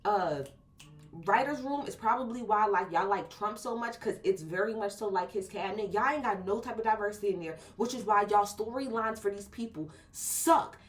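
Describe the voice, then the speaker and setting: A woman's voice: medium pitch, normal speed. A woman reviewing a wrestling show in a casual, blunt and profane video rant, full of slang.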